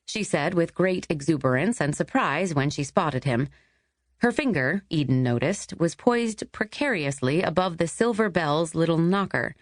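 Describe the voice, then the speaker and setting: A woman with a somewhat low voice reads a romance novel aloud in scripted narration. Her telling is wry and even, recorded close and dry in a studio. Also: unhurried, no room sound. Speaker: audiobook narrator.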